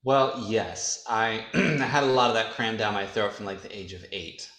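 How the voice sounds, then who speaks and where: A man's voice: on the low side, normal speed, a bit bright, echoey room. A man from upstate New York, a guest speaking frankly and easily in a casual chat.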